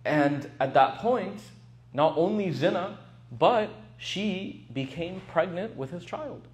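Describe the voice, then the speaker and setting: A young man and religious teacher giving a casual storytelling talk in a lively, animated way. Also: high voice, slow pace.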